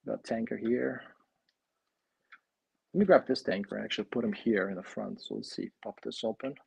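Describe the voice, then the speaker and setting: Gravelly, husky man chatting on a stream. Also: mid-range voice. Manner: chatty, excited, thinks aloud while building. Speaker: live-stream host building a toy kit. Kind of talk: casual live-stream chat.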